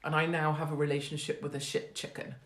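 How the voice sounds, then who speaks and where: A woman's voice: deep voice, level tone, quick pace, roomy sound. A woman in her forties hosting a rambling, casual monologue, blunt, profane and sarcastic. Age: 40s. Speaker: host.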